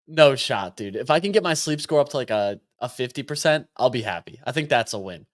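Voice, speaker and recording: A man's voice: medium pitch, lively intonation, a little fast. A man co-hosting a podcast in chatty casual talk, saying like a lot. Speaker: podcast co-host. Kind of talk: casual chat.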